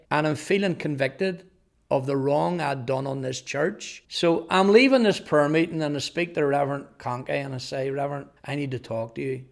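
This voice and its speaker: A man's voice: fairly high pitch, creaky. A man telling his personal testimony in an earnest storytelling way, often repeating words. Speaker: testimony speaker.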